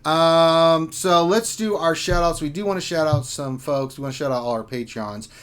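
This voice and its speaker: A man's voice: on the high side, normal speed, clear, resonant tone. A man hosting a gaming live stream, casual chat delivered in loose, rambling bursts.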